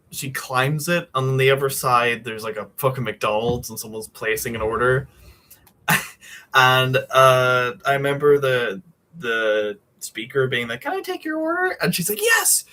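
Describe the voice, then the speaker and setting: Bright and forceful, this young man's mid-range voice carries his late-night home stream. He meanders through casual chat while drawing a comic, dropping plenty of fillers and casual curses.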